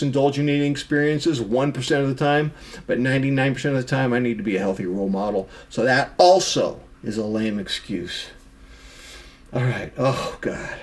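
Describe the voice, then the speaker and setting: A middle-aged man vlogging to camera, emphatically scolding himself for his own excuses and calling himself out by name. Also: mid-range voice. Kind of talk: self-critical monologue to camera.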